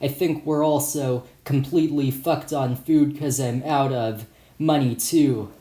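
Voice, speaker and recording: A man's voice: mid-range voice, steady tone, a little slow, dark tone, lightly acted. A man voicing a casual young male friend in an audiobook, laid-back and plain. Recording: roomy echo.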